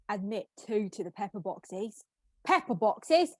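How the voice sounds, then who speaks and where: A sharp-tongued mistress of a house gives orders in a slow, measured way, read by a woman. The sound is dry and close. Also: on the high side, animated, dry recording. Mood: imperious. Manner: imperious, scolding. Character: bossy middle-aged mistress of a house. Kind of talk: script read-through.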